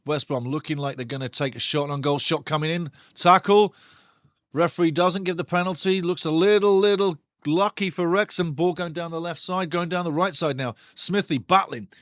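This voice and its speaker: A man hosting a live football watch-along, commenting on play with excitable, sweary banter aimed at his chat. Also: on the high side, normal speed, dry recording, clean studio sound.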